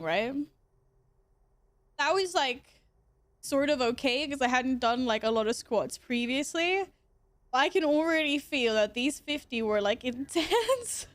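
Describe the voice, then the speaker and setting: A woman's voice: high-pitched, dry recording. A woman streamer chatting casually with her viewers, giggly and exasperated, swearing a lot. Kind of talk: casual livestream chat to viewers.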